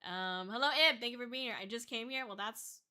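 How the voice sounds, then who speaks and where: A woman's voice: fairly high pitch, a little fast, sharp tone. A young woman chatting on a livestream as a VTuber, laughing often and swearing casually. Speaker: VTuber streamer.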